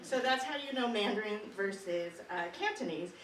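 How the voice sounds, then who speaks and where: A woman's voice: mid-range voice, expressive, moderate pace. A young woman performing a chatty stand-up bit at an open mic, giggling as she talks. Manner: chatty, giggles through her lines. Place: small performance studio. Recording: roomy, distant live mic.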